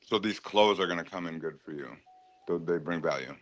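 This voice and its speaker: A man's voice: sits low, a little fast, fairly bright tone, soft background music. A man in a heated, casual stream chat, taunting and swearing at another panelist. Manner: profane, taunting, confrontational.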